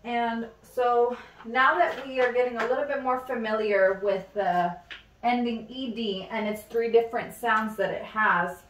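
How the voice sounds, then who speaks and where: A woman leads a phonics lesson at a very slow, deliberate pace, repeating each word so it sinks in. Her voice carries the echo of a room and sits back from the microphone. The pitch sits in a middling range. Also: steady tone, a bit bright, a little hiss or hum. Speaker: teacher. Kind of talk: mock classroom phonics lesson. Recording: echoey room, mic at a distance.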